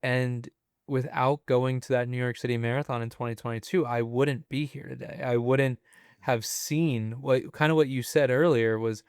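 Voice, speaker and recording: A man in his twenties, a podcast guest telling his story in a relaxed, chatty way with plenty of fillers. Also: mid-range voice, moderate pace, smooth, no room sound, studio quality. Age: 20s. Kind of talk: casual interview storytelling.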